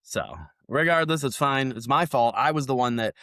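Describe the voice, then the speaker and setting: A man who is a political candidate, telling stories in casual podcast chat, animated and profane, acting out what people said. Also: medium pitch, moderate pace, dry recording, clean studio sound.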